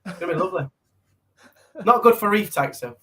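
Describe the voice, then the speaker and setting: A man co-hosting a casual live-stream chat, telling jokey stories in a lively way. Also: high voice, fairly quick. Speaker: co-host.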